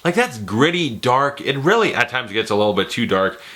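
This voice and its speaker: A young man giving casual, animated, profane commentary while ranking movies, often slipping into impressions. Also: medium pitch, normal speed. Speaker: movie reviewer.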